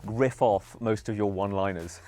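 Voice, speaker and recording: A man's voice: fairly low pitch, fairly even intonation, normal speed, dark tone. A man hosting a radio show as movie critic, chatting in a jokey, playful way. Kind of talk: casual chat. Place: radio studio.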